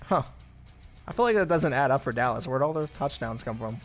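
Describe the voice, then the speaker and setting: A man's voice: medium pitch, expressive, fairly quick, soft background music. A man commentating his own football video game play in a casual, chatty way, thinking aloud with blunt asides. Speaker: gaming channel host.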